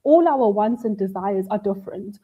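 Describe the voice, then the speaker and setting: A woman's voice: medium pitch, animated, moderate pace, husky, narrow, tinny audio. A woman on a panel, explaining things conversationally with lots of everyday questions. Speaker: panel speaker.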